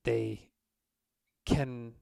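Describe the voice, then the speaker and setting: A man voicing a formal human army commander who speaks with measured gravity in a tabletop game. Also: medium pitch, flat delivery, vocal fry, warm tone, no echo, studio quality, exaggerated voice. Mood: solemn.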